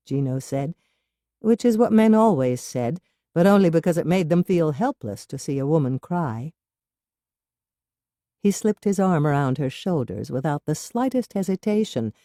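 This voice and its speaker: Woman narrator, low voice, lively intonation, mellow, dry close sound, audiobook reading. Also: no echo. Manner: expressive, measured storytelling.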